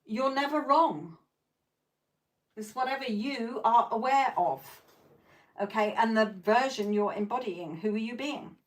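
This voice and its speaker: A woman's voice: on the high side, a little slow. A woman hosting a live tarot stream who chats with viewers in a blunt, profane way, laughs often, and keeps checking in with "okay?". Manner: coaching, repeats "okay?" to check in.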